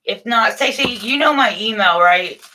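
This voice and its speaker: A middle-aged woman hosting a casual morning livestream, chatting warmly and motherly with viewers from a room at home, with frequent restarts. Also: a little high, lively intonation, normal speed. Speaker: livestream host. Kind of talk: casual live chat to viewers.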